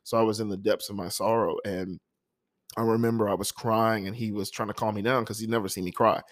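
A man telling a personal story before reading a poem, speaking softly with halting, emotional pauses. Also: on the low side, fairly even intonation, no room sound, studio quality. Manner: soft-spoken, halting and emotional. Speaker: poet introducing a poem.

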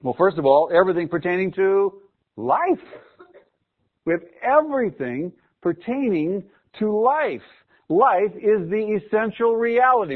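High-voiced male pastor on a tinny line. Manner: asks the congregation questions and repeats key words for emphasis. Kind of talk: sermon. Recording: phone-like narrow sound.

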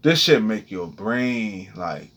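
A man's voice: on the low side, very animated, slow pace, a bit bright, husky, highs cut off. A young man giving a heated, profane, preachy freestyle rant monologue.

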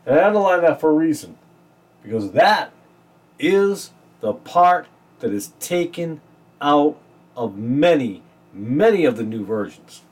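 A man hosting a casual podcast, comparing Bible verses with a sarcastic edge and reading scripture slowly with stress, in a small room. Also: on the high side, big pitch swings, husky.

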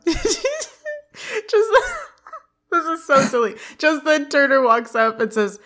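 Giggly bright-voiced woman podcast co-host. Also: high voice, very animated, slow, long pauses. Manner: giggly, acts out quotes while recapping. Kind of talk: casual recap chat.

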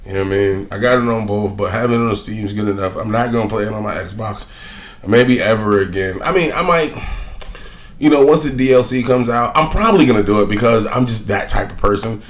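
A man's voice: on the low side, fairly quick. A young man hosting a solo podcast, ranting bluntly and profanely in a rambling, offhand way. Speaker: podcast host. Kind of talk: casual solo podcast rant.

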